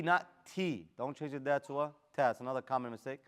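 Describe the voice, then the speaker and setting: A man's voice: mid-range voice, quick pace, few pauses, smooth. A man teaching a class how to recite the Quran, moving between chanted Arabic verses and casual, slangy English explanations. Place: classroom with students present.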